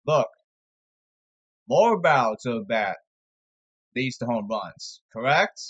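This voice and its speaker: A man's voice: medium pitch, big pitch swings, takes it slowly, long pauses, a bit bright, breathy edge, lo-fi sound. A man giving a rambling, sarcastic sports commentary monologue, exasperated and jumping from topic to topic. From New York area.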